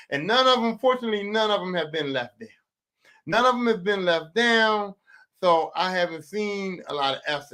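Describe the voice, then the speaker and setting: Philly guy in his 40s, high bright voice, cussing nonstop and repeating himself. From West Philadelphia. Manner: animated, swearing, repeats lines for emphasis. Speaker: podcast host. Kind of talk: profane comedic monologue.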